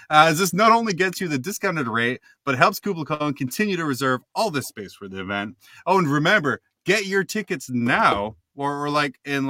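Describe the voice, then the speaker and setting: Man, podcast co-host, casual chat, joking, rambling, tense bright tone. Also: medium pitch, no echo, clean studio sound.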